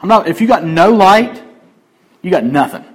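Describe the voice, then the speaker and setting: A man preaching a sermon, swinging between emphatic raised passages and quiet conversational asides. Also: sits high, animated, moderate pace, breathy edge, poor audio. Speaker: pastor.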